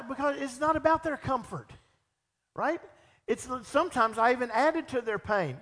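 A middle-aged man preaching a sermon as pastor, animated and acting out the voices of people he quotes. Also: very high voice, normal speed. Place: church sanctuary. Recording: long church reverb.

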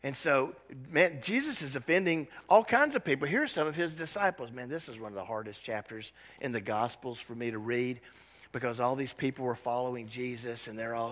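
A man's voice: medium pitch, brisk, a bit bright, big-room sound. A man preaching a sermon as pastor, dramatic and acting out scenes from the Bible in changing voices.

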